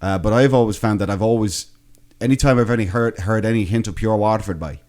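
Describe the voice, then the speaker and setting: A man with an Irish accent and a lowish voice co-hosts a podcast. He talks in a loose, rambling way, restarting his sentences as he thinks aloud. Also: fast, a little mellow. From Ireland. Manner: rambling, self-reflective, with many restarts. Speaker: podcast co-host. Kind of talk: casual chat.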